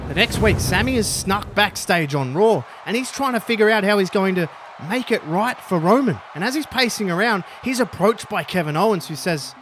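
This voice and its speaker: A man narrating a scripted story in an upbeat, energetic way. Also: high voice, moderate pace, soft background music. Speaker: YouTube storyteller.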